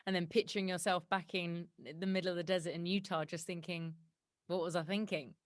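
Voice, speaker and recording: A woman hosting a podcast, asking questions in a warm, conversational way. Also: fairly low pitch, fairly even intonation, a little fast, no room sound, studio quality. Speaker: podcast host. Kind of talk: empathetic interview.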